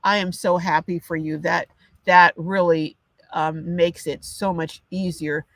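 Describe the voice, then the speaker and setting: A woman's voice: on the low side, steady tone, unhurried, no echo. Indignant older woman ranting on a livestream. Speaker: livestream host. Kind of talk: casual livestream chat.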